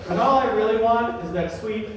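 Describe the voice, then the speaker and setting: A young male comedian on stage, his voice sitting high for a man, delivering jokes in a dry, deadpan way. The sound comes from a distant mic in a very echoey room with a faint hiss behind it. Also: moderate pace. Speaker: stand-up comedian. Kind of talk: stand-up comedy set.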